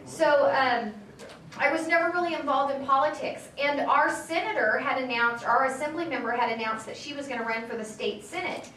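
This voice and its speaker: A woman's voice: high-pitched, normal speed, a bit bright. Chatty woman speaking in an echoey room. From California, Central Valley. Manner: chatty storytelling with many fillers and asides. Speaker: state assembly member giving a talk. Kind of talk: informal speech to a political group. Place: meeting room at a local political gathering. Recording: echoey room, distant, faint background noise.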